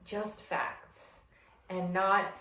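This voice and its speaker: A woman's voice: lowish voice, drawn-out words, bright, forceful tone. A woman hosting a casual video interview, mostly giving brief, agreeable replies. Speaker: host. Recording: echoey room with faint background hiss.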